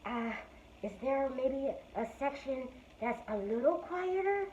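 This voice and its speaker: A woman hosts a children's show with a high, bright voice. She talks slowly and playfully for young listeners, and the recording sounds roomy and distant, with a slightly dull tone. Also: animated, slight background noise. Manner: bright, playful, slow and clear for kids. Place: bookstore.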